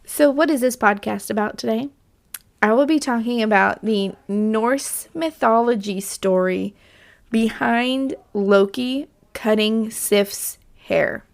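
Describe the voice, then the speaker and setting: A woman's voice: on the high side, slow pace, vocal fry. A woman hosts her podcast in a loose, rambling solo chat. Her voice is scratchy from allergies, and her talk is full of fillers and side turns. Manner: rambling, chatty, with many fillers. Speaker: podcast host.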